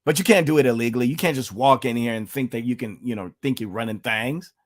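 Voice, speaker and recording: A man's voice: mid-range voice, fast talker. A man from the United States giving emphatic political commentary on his vlog, repeating himself and addressing viewers as folks.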